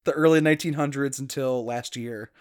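A man's voice: mid-range voice, brisk. Chatty male podcast host from Louisiana. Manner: chatty, laughs often. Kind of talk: casual podcast chat.

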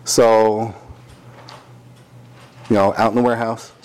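A man's voice: lowish voice, takes it slowly, clear, resonant tone. A man telling a work story in casual chat, swearing often and acting out the quotes in raised voices. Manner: profane, animated, acts out quotes in raised voices.

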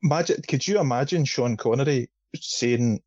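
A man with a slightly husky voice, co-hosting a casual film chat with jokes. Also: medium pitch, moderate pace, darkish tone, no room sound, lo-fi sound. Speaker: podcast co-host.

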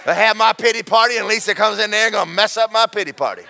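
A man preaching a sermon, folksy and animated, repeating himself and breaking into shouted asides. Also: high voice, fast, creaky. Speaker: pastor.

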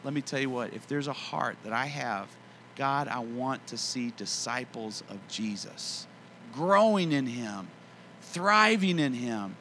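A middle-aged man preaching a sermon in an earnest, conversational way, slowing down to stress key phrases. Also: medium pitch, animated, bright, forceful tone, a little hiss or hum. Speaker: pastor.

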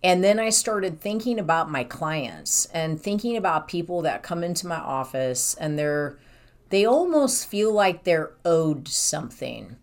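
A woman's voice: fairly low pitch, big pitch swings, a little slow. A woman talking casually about her own life, rambling and candid. She acts out what she and others said. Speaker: professional who sees clients in an office. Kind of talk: casual personal storytelling.

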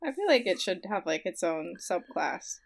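A woman's voice: lowish voice, very animated, moderate pace, creaky. A woman co-hosting a podcast in casual chat, giggling often as she talks. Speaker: podcast co-host.

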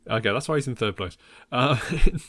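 A man's voice: medium pitch, fairly quick, fairly bright tone, dry recording. A man hosting a casual film podcast, talking in a wry way with many ums and chuckles at his own jokes. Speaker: podcast host.

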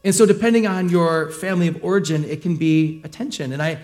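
A middle-aged male pastor giving a sermon in a conversational, joking way, with lively acted asides. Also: fairly high pitch, fast talker.

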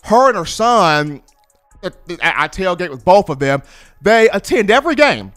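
A man giving sports talk commentary, an animated storyteller who acts out the fans he describes. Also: high voice, normal speed, faint music behind. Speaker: football commentator.

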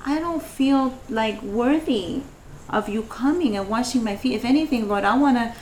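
A woman's voice: fairly high pitch, normal speed, a little mellow, slight background noise. A woman leading a devotional Bible study, reading verses and rising into fervent prayer.

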